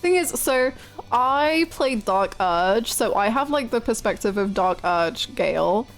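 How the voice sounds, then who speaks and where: A woman's voice: fairly high pitch, lively intonation, unhurried, soft background music. A woman game streamer chatting casually with viewers, laughing often and swearing freely.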